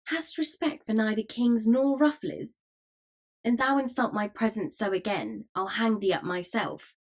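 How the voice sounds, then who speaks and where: A man's voice: high-pitched, animated, unhurried. A woman reading as a burly, commanding rogue chief. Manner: firm but good-natured, commanding. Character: burly good-natured male rogue leader, blunt.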